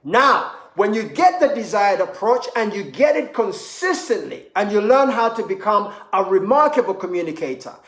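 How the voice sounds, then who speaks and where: Emphatic high-voiced motivational speaker. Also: male voice, big pitch swings, normal speed, hardly any pauses, a bit bright. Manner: emphatic, repetitive, storytelling. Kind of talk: motivational seminar talk. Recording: echoey room.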